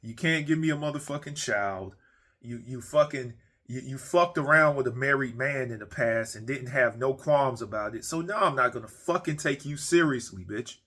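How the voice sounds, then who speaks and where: A man's voice: mid-range voice, moderate pace, fairly bright tone. A man delivering a comedic rant from his man cave, swearing heavily, blunt and repetitive, often restarting his sentences. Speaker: ranting monologue creator.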